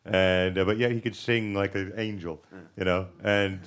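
A man's voice: deep voice, moderate pace. A man with a slight lisp telling a rambling comic story on stage, laughing at himself as he goes. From from overseas. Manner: rambling, animated, laughing at his own story. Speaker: comedian guest.

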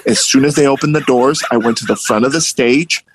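A young man telling a story casually and animatedly, jumping up in pitch when he acts out other people. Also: fairly quick, a little hiss or hum, low-quality recording. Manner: animated, acts out voices with big pitch jumps.

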